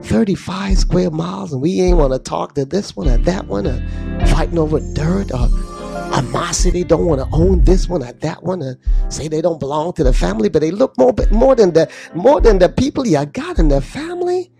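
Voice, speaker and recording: Gravelly high-voiced man preaching on air. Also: expressive, a little fast, over music. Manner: preachy, breaks into sing-song phrases. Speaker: radio DJ and host. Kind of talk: heartfelt devotional radio talk. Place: radio studio. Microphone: studio microphone at a mixing desk.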